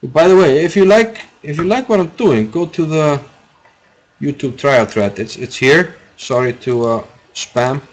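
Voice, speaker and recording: A man's voice: fairly high pitch, unhurried. A man from Iceland, giving rambling, chatty live commentary on a chess game and answering viewers' chat.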